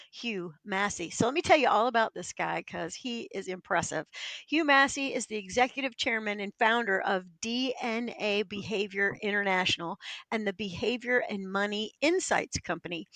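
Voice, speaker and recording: A woman's voice: fairly high pitch, no echo. Bubbly woman host, dry sound. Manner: energetic, exclamatory, playful. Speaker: podcast host and coach. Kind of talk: enthusiastic interview hosting.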